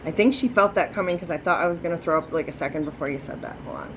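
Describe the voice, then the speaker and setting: A woman's voice: low-pitched, rapid-fire, noisy background. A woman doing a spirit reading as a psychic medium, chatty, full of filler words and swearing freely.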